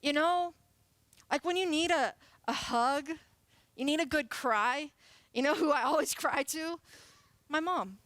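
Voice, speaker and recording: A woman's voice: high-pitched, unhurried, pauses often, fairly bright tone, no room sound. A woman in her late twenties, a youth pastor, giving a sermon in a chatty, playful way and laughing often. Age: late 20s. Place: church sanctuary.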